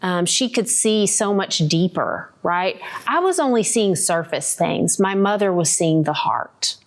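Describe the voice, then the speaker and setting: A woman hosting a podcast, giving a candid, reflective faith testimony and often checking in with the listener with a quick "right?". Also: fairly low pitch, expressive. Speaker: podcast host.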